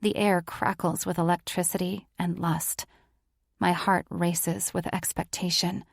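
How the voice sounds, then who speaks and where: A woman's voice: fairly low pitch, flat delivery, a little slow, creaky, husky, dry recording, studio quality. A woman narrating a romance audiobook in the first person, with an intimate, emotive reading.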